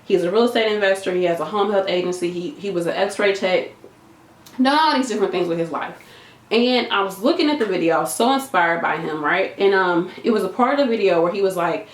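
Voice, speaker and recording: A woman nurse giving an animated, emphatic motivational talk to camera, chatty and repeating her points. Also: mid-range voice, fast. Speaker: nurse and video creator. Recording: echoey room.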